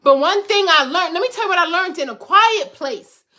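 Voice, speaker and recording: A woman's voice: very high voice, lively intonation, moderate pace, sharp tone. A middle-aged woman host giving an emphatic motivational talk to viewers, repeating phrases for rhythm like a preacher. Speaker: host, life coach.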